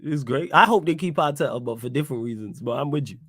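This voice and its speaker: A man's voice: mid-range voice, fast, a bit bright, no room sound, clean studio sound. A man co-hosting a football talk stream, pushing back with questions and asking the chat for facts. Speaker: co-host of a football talk show. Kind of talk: casual debate on a livestream.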